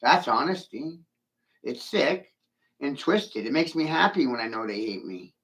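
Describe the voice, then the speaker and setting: A gravelly man drawls through a rambling, taunting monologue. His pitch swings up and down as he mocks and curses, and he laughs at his own jokes. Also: expressive, measured pace, fairly bright tone. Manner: brash and profane. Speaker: vlogger ranting to camera.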